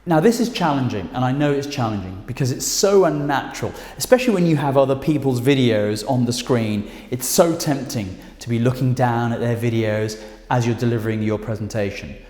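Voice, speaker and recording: A man with a British accent teaching presentation skills straight to camera, speaking emphatically with lively intonation. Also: medium pitch, brisk. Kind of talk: direct-to-camera instructional talk. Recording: echoey room with long reverb.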